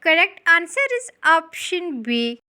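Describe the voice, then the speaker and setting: A woman presenting an exam quiz, reading each question and then its answer in a measured, even way. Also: very high voice. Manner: measured, evenly paced reading.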